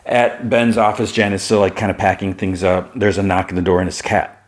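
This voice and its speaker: Male podcast host with a deep voice, casual and rambling, peppers the recap with fillers. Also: level tone, fairly quick. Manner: rambling retelling, full of fillers like "like" and "you know".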